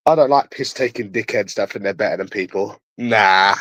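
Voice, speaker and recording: A man's voice: fairly low pitch, moderate pace, hardly any pauses, fairly bright tone, no room sound. A young man from London chatting on a livestream, crude, taunting and repeating himself as he answers viewers. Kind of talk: casual chat answering viewers.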